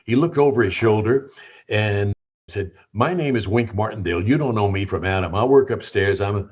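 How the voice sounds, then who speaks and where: Older man, Southern US accent, husky, radio veteran, rambling storyteller, dull lo-fi sound. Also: on the low side. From Tennessee. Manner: warm anecdotal storyteller with repeated restarts. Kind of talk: storytelling interview.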